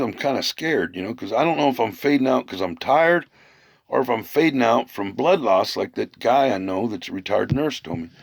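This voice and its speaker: A man's voice: mid-range voice, creaky, no echo. A middle-aged man telling a rambling personal story, full of fillers and repeated words. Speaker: vlogger. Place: living on the road, camp.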